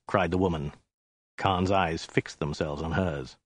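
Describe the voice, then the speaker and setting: A man reading a story aloud in a dry, deadpan narrating manner. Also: low voice, normal speed, no echo. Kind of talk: scripted narration.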